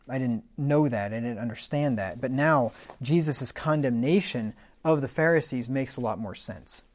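In a teaching talk, a male Bible teacher with a mid-range, somewhat mellow voice reads ancient scripture with building emphasis. Between passages he drops into casual, plain-spoken asides sprinkled with fillers.

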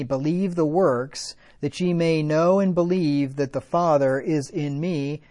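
Preaching man with a higher voice. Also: a little mellow. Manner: quoting scripture, rising to fervent emphasis; conversational asides with rhetorical questions. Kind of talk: sermon.

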